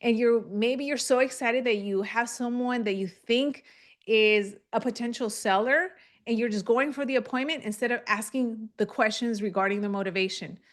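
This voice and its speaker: A woman's voice: on the high side, normal speed. A young adult woman giving a live online training, explaining to the camera and acting out call scripts. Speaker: real estate coach.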